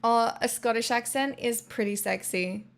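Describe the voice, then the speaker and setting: A woman's voice: fairly high pitch, normal speed. An Australian woman streaming live, chatting casually with her viewers in a rambling way full of "like" fillers. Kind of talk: casual chat.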